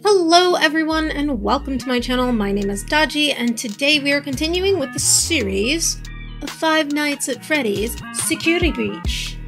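A young woman hosting her gaming channel, chatting casually through gameplay with jokey asides and startled outbursts. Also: high voice.

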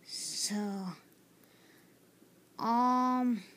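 A woman's voice: on the high side, drawn-out words, fairly bright tone. A woman hosting a casual building tutorial, hesitant and filler-heavy, often apologizing, recorded on a tablet's built-in mic. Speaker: tutorial host. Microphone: tablet camera mic.

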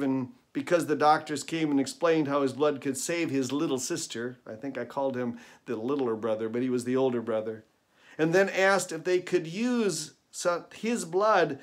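A man's voice: on the high side, moderate pace. A man, a pastor, giving an earnest, emphatic sermon with repeated phrases in a recorded devotional video. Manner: earnest, emphatic preaching with repetition.

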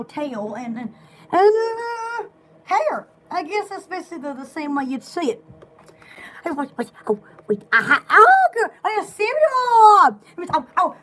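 A woman in casual, rambling chat, excitable and giggly, often restarting her sentences. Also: extremely high pitch. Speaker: store vlogger.

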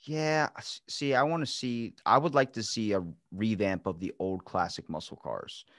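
A man's voice: lowish voice, normal speed, dry recording. Dry-miked man telling stories. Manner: animated storyteller, swears freely, acts out quotes. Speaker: podcast host. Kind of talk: casual chat.

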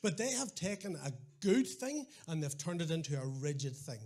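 This middle-aged preacher from Northern Ireland speaks a little high at a moderate pace. His sermon is full of lively storytelling and dry side remarks, and he frequently starts over mid-thought.

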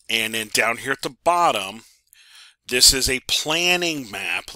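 Man, networking instructor, bright tense voice, conversational, repeats himself, dead-dry recording. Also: fairly low pitch, no echo. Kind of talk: recorded class walkthrough.

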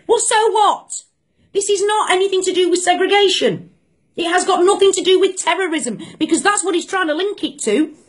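Indignant high-voiced woman. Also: brisk. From Britain. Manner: indignant, emphatic, repeats phrases for force. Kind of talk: angry opinion rant to camera.

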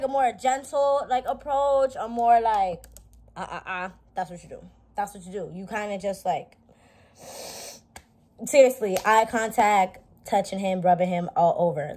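A woman's voice: a little high, normal speed. A young woman vlogging in a blunt, profane, joking casual chat. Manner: blunt, profane, animated, jokey.

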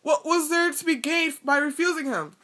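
A woman's voice: high voice, moderate pace, a bit bright, pitched above the performer's own voice. A woman reading aloud and voicing a cowering male traitor who whines and pleads for his life. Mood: pleading. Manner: whining, pleading.

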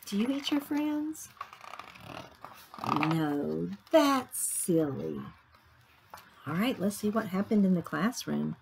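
A woman teacher reading a picture book aloud to young children, animated and asking them questions along the way. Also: medium pitch, slow pace, gravelly, long pauses, background noise. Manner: animated, asks the listener questions, gasps.

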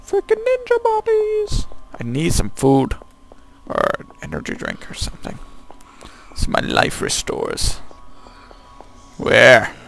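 A man's voice: medium pitch, sing-song, slow pace, vocal fry, pauses often, bright, forceful tone, a little hiss or hum. A man doing let's play commentary, goofy and joking, talking back to the enemies on screen. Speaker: gameplay commentator.

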